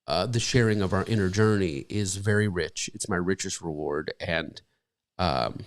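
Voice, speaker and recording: This is a middle-aged man co-hosting a casual podcast from home. His voice sits low, and he talks in a loose, emotional ramble with plenty of ums and uhs. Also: moderate pace. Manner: rambling, emotional, many fillers. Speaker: pastor and podcast co-host. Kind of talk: casual live-stream chat. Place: home bedroom.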